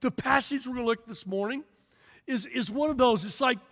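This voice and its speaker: A middle-aged man preaching in a church, his voice strikingly high for a man. He tells animated stories, acts out the characters and breaks into sudden shouts. Long reverb trails behind every phrase in the big sanctuary. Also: brisk. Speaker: pastor. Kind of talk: lively sermon.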